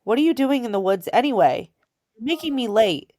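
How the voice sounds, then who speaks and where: A woman voicing a spirited, quick-witted young girl who chatters and pushes back boldly. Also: a little high, expressive, a little mellow, no room sound, clean studio sound, voice pushed up, natural voice. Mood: defiant. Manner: chattering, then defiant and tearful.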